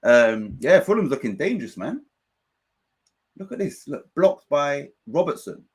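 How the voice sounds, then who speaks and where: A man hosting a live football watchalong, commenting on play and reading out viewers' chat messages in an excitable, chatty way. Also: fairly high pitch, a little slow, breathy edge. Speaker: watchalong host.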